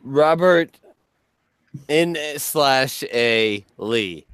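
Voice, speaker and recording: A man's voice: mid-range voice, animated, a bit bright, clear, resonant tone. A man hosting a casual talk show, joking and swearing as he bounces off his co-hosts. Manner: joking, swearing, quick to laugh. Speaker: podcast host.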